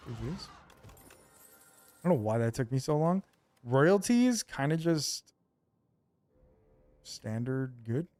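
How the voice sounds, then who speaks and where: A man's voice: mid-range voice, takes it slowly, long pauses. A man streaming a video game, chatting casually with his viewers in a loose, rambling way full of fillers. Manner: rambling, relaxed, lots of fillers.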